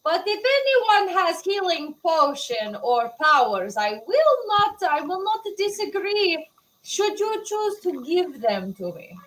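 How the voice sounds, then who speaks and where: A woman voicing a tough, blunt warrior who speaks slowly and formally in clipped phrases. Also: very high-pitched, sing-song, fairly bright tone, a little hiss or hum, heavily acted, rough recording. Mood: gruff. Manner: slow, deliberate, formal.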